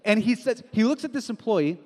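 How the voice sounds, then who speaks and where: A young man preaching a sermon as a pastor, casual and animated, telling stories with slang. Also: sits high, fairly quick. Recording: long hall reverb.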